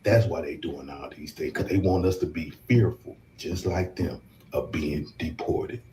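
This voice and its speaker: A man's voice: rumbling low, measured pace, dark tone, a little hiss or hum. A man in a casual panel discussion, speaking emphatically and repeating phrases for effect.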